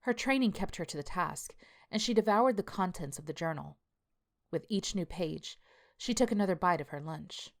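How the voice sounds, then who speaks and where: A woman tells a scripted story in a measured, even voice. Her pitch sits low. She keeps a steady storyteller's pace. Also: creaky. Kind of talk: scripted narration.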